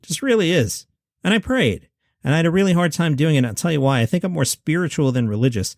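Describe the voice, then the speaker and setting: Animated man retelling comedy stories. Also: fairly high pitch, quick pace, dry recording, studio quality. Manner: animated storytelling, acting out quoted voices. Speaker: podcast host.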